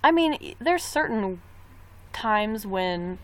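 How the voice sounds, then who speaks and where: A woman's voice: mid-range voice, expressive, a little slow. A young woman chatting casually on a live stream, rambling about a trip and reading viewer comments aloud. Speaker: livestreamer.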